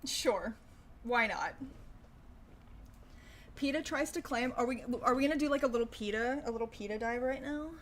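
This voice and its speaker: Reacting to the news on her casual livestream, the young host is sarcastic, swears a lot and laughs often. She speaks at normal speed in a voice on the high side, leaving long pauses, and there's a little hiss or hum.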